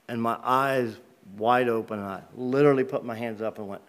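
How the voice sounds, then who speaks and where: A man's voice: mid-range voice, fairly even intonation, a little fast, few pauses, fairly bright tone. A man speaking as a guest in a church, telling a personal faith story in a plain, conversational way with casual grammar. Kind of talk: personal testimony in a church service. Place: church sanctuary.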